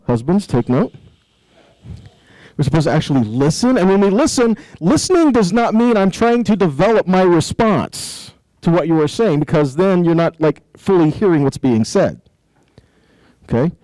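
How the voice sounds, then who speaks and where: A man hosts and teaches in a preaching style, posing rhetorical questions to his listeners. His tone is mellow and a little dark, and the sound is dry. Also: on the high side, no echo, rough recording. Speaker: host, ministry teacher.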